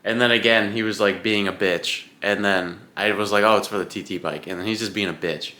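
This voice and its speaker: A man's voice: lowish voice, steady tone, brisk, bright, forceful tone. A young man vlogging about his Ironman training, chatting casually at home in front of his camera, rambling and swearing freely as he rants.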